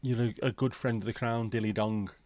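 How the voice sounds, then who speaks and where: A man's voice: fairly low pitch, fairly even intonation, fairly quick, a little mellow, dry recording. A middle-aged man hosting a livestream, rambling through jokey pub-style banter while reading out chat. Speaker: livestream host. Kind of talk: casual chat reading viewer comments.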